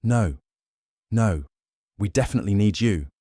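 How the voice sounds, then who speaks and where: A man's voice: lowish voice, expressive, a little slow, dark tone, no echo, clean studio sound. A man voicing a male werewolf guard who speaks urgently and respectfully to his leader.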